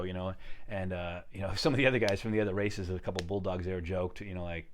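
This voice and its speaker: A man's voice: low voice, fairly quick, slight background noise. A man casually telling a story from his own life, rambling and conversational, often acting out the lines of the people in it. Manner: rambling, conversational, frequent "you know" and restarts, gets quiet on quoted lines; lively storyteller who acts out the other people's lines.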